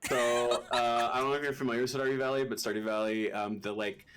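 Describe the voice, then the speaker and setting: A man speaking as a streamer guest on an online comedy panel, easygoing and quick to laugh. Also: mid-range voice, steady tone, noisy background. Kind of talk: casual panel chat.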